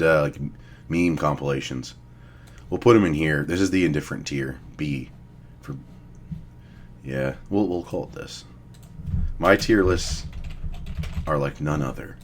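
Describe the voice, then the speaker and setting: A man's voice: low voice, normal speed, long pauses, slight background noise. A young man giving blunt, profane, rambling casual commentary as he ranks fitness figures. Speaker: fitness vlogger. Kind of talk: casual commentary ranking influencers.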